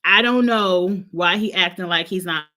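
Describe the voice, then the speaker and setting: A woman's voice: on the low side, normal speed, bright, forceful tone. Blunt, gossipy woman hosting a chat show. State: coughing, allergies. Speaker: host. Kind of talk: casual live-chat show recap.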